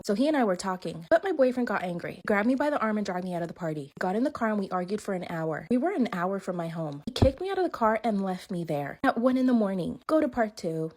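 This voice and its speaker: A woman rattles through a dramatic storytime at a quick clip. Her voice is mid-pitched and she sounds indignant at the big moments. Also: darkish tone. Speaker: storytime narrator. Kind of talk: reading a storytime aloud.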